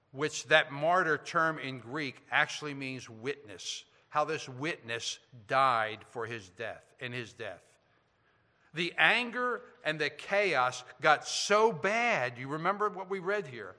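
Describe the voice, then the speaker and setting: Slow, bright-voiced male preacher in a hall. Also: on the high side. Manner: preaching with dramatic swings between loud emphasis and hushed tones. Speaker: pastor. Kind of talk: sermon.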